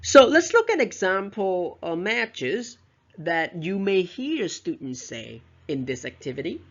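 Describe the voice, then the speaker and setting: A teacher gives a step-by-step pronunciation lecture and reads example sentences aloud to model them. The medium-pitched voice is slow, creaky and sing-song. Sound quality is dull and lo-fi.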